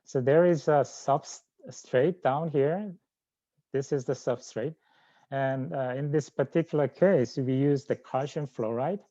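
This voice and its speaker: A middle-aged man with a Korean accent giving a scientific research lecture, halting often with fillers and restarts. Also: mid-range voice, mellow, dry recording. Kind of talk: academic lecture. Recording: dull lo-fi sound.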